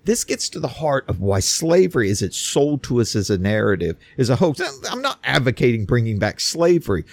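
A man's voice: mid-range voice, very animated, fairly quick, dry recording. A man delivering an emphatic opinion monologue, often repeating words as he builds his points.

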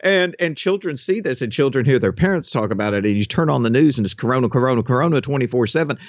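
Sarcastic man with lively pitch. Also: dry recording, muffled recording. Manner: sarcastic, animated, halting restarts. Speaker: podcast co-host. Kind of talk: casual opinion chat.

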